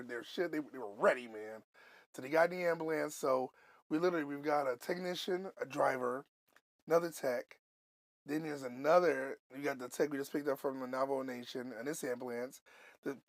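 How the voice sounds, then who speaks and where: A man from Buffalo, New York telling a story on a podcast, animated and loose, swearing and going off on asides. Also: medium pitch, no echo. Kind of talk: casual storytelling.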